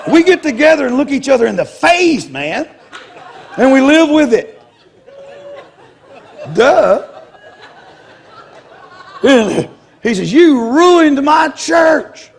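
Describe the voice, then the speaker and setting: A man's voice: extremely high pitch, sing-song, takes it slowly, creaky, long pauses, slightly rough, some chatter behind. A man preaching in a humorous storytelling style, blunt and self-mocking, often laughing as he talks. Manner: blunt, confrontational delivery.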